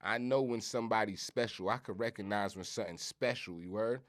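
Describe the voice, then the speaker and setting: A man's voice: fairly low pitch, a little fast. A middle-aged man from Brooklyn with a New York accent, hosting a podcast in a casual, emphatic monologue and swearing for emphasis. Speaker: podcast host.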